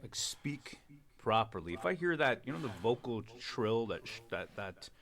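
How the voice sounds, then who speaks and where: This middle-aged streamer talks politics casually on his livestream, very animated at a normal speed. His mid-range, fairly bright voice rambles emphatically and keeps starting over.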